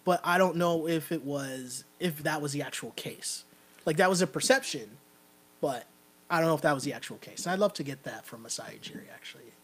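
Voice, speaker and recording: A man's voice: on the high side, a little fast. A Canadian man hosting a podcast, chatting casually about basketball and often checking in with "right?". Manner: talkative, keeps asking "right?". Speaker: podcast host. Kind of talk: casual sports chat.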